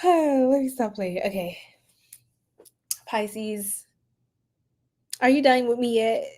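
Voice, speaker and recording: A woman's voice: fairly high pitch, slow. Playful laughing woman on a live stream. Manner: playful, laughs often, chats with the chat, exclaims loudly. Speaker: tarot reader streaming live. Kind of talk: casual live-stream chat with viewers.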